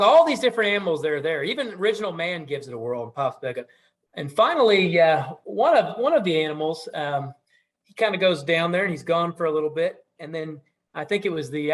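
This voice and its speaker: A middle-aged man telling a traditional story in a relaxed, conversational way, with asides and fillers. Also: fairly high pitch. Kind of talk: casual oral storytelling.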